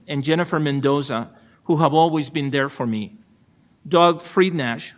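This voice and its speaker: His voice is on the high side and a bit bright: a middle-aged Salvadoran man, speaking with a Salvadoran Spanish accent, accepting his new seat as a state supreme court justice in a formal ceremony. He stays measured and gracious, adding dry self-deprecating humor.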